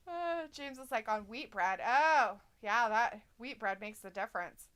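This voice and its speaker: Bright, lively woman co-host. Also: on the high side, takes it slowly, clear, resonant tone. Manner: reads viewer comments aloud, laughs often. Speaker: live-stream co-host. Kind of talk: casual watch-along chat.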